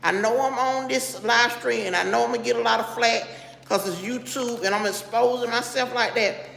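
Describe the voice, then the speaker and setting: On this casual live stream, the middle-aged host talks at normal speed in a creaky, fairly bright voice on the high side. She's blunt and chatty, regularly pausing mid-sentence to welcome viewers by name. A slight hiss or hum sits under the sound, and the room has long, echoing reverb.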